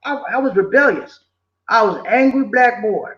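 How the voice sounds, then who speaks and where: This older Southern vlogger talks at a moderate pace in a very high-pitched voice, casually preaching life advice. He gets animated, repeats points, and slips into quoted voices; the sound is echoey, dull, and lo-fi.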